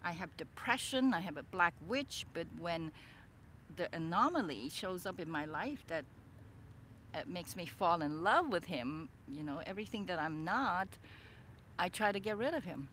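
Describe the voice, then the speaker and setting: A woman author reading her own memoir aloud, expressive and dramatic, breaking off for chatty asides. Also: fairly low pitch, moderate pace, a little hiss or hum. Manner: expressive, swings between soft and loud, chatty asides.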